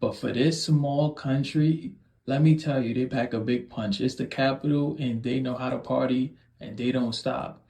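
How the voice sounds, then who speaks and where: A man's voice: mid-range voice, steady tone, moderate pace, creaky, dark tone. A man from New York City giving emphatic, earnest travel tips. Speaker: travel video host. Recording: echoey room.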